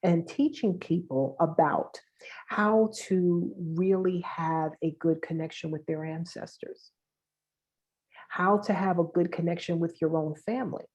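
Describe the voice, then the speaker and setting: A woman's voice: on the low side, a little slow, a little mellow. A woman with a Brooklyn accent, a guest spiritual worker, chatting casually and laughing easily on a video call. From New York.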